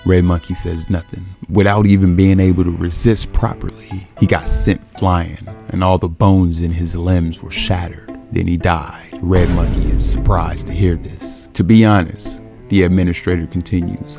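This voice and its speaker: Deep-voiced man in slangy recap narration. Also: little pitch movement, moderate pace, vocal fry, hardly any pauses, over music. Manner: slangy, offhand. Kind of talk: casual comic recap narration.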